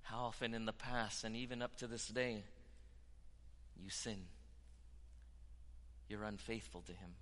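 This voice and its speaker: A man preaching a sermon with passion, dropping to hushed tones and rising to loud declarations. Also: lowish voice, steady tone, unhurried, long pauses, in a large hall. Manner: impassioned, swinging from hushed to loud.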